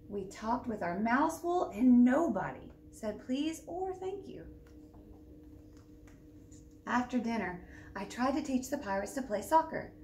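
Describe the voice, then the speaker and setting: A woman librarian reads a picture book aloud for children, lively and expressive in her delivery. Her voice sits a bit high, and the library room gives it an echo, caught from a distance with a faint hum behind. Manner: lively, expressive storybook narration. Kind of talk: children's storytime read-aloud.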